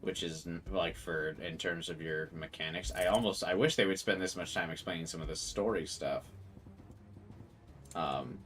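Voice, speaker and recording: A man's voice: low-pitched, normal speed, fairly bright tone. A young man with a congested nose, chatting casually and rambling while playing a game, with game music behind him. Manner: rambling, swears casually, many filler likes. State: congested from allergies. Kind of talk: casual gameplay chat.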